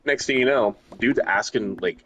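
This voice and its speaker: A man's voice: mid-range voice, moderate pace, fairly bright tone, dull audio. A young man from Ohio tells a long, crude story in a loose, rambling way, cursing freely. It sounds like casual chat between friends while a game runs.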